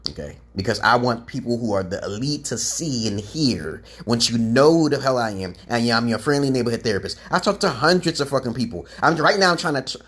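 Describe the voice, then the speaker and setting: A man's voice: medium pitch, animated, fairly quick, a bit bright, breathy edge. Brief: man hosting a rambling solo livestream, preachy and foul-mouthed, mid-range voice, webcam mic. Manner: profane, preachy, greets chat viewers mid-talk. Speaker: livestream host giving self-styled advice.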